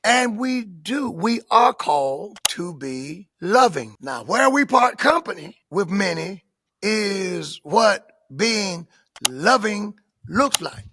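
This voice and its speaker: An older man, a bishop, giving emphatic answers in a preaching manner, moving from soft tones to shouted emphasis. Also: high voice, animated, takes it slowly, slight background noise. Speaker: bishop and pastor.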